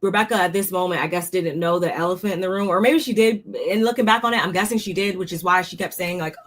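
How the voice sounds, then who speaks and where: A woman's voice: on the low side, fast, a bit bright. A young woman giving a casual, blunt recap of a reality show, talking in slang and often sounding fed up. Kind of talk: casual commentary.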